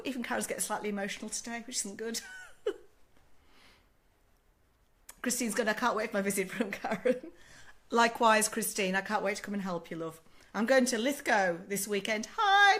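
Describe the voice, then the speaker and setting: An older Australian woman working as a sleep consultant takes live questions on a casual stream, speaking warmly and chattily like a mother, with frequent "okay?" check-ins and calling people "love". Her voice is medium in pitch and still a bit rough after a sore throat.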